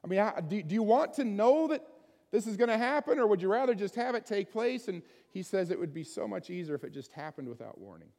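A man's voice: high voice, big pitch swings, fast talker, a little mellow, big-room sound. A man preaching a sermon in a conversational way, often putting questions to his listeners. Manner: conversational, asks the congregation many questions. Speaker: pastor.

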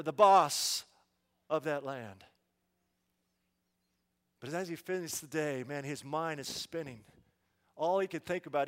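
High-voiced preacher in a reverberant hall. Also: male voice. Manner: animated, acts out the story with quoted dialogue. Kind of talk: dramatic first-person sermon storytelling.

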